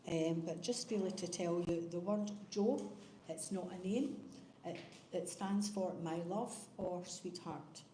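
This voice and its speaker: A woman reading a poem at a memorial service, gently explaining the old words first. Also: fairly low pitch, unhurried. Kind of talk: poetry reading at a funeral. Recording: echoey hall with faint noise.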